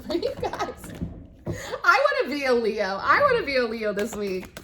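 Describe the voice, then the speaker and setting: Woman, young adult, tarot reader, casual chat, giggly, slightly high pitch. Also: wildly swooping pitch, moderate pace, background noise. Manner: chatty, giggly, says "right?" often.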